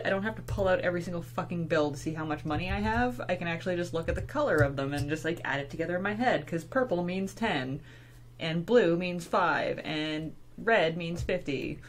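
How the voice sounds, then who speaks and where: A woman's voice: on the low side, lively intonation, a little fast, slight background noise. A woman from western Canada co-hosting an art stream, chatting casually and swearing while she draws. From Pacific Northwest of Canada. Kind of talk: casual chat while drawing.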